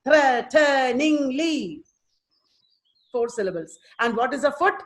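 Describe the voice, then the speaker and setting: A woman's voice: high-pitched, expressive, unhurried. A woman with an Indian English accent giving an online lecture, patiently repeating and sounding out words. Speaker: teacher giving a webinar.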